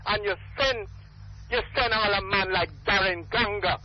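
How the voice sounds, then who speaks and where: A man's voice: high voice, moderate pace, crowd noise. An older man with a Jamaican accent calling in to a radio talk show, speaking in an emphatic, rambling, repetitive way. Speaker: radio call-in caller. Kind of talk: impassioned call-in talk. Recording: muffled phone-in radio line.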